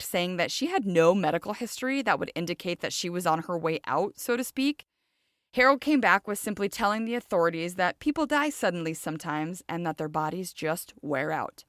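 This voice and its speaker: A woman's voice: on the low side, fairly bright tone, dry recording, clean studio sound. Chatty woman narrating true crime. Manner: chatty, adds personal asides and questions to listeners. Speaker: true crime podcast host.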